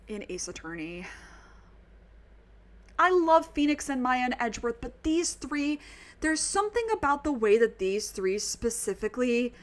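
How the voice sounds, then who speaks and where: A woman streaming a video game, chatting casually and emotionally about the story with many ums and asides. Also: a little high. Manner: gushing, emotional fan with lots of ums. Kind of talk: casual game commentary and reading dialogue aloud.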